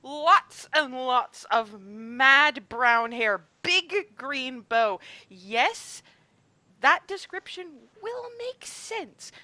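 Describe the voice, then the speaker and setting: Woman game master, high lively voice, dry sound, laughs often. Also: extremely slow, dry recording. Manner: animated, laughs often, stumbles and repeats. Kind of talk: narrating a tabletop game over a call. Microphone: video call.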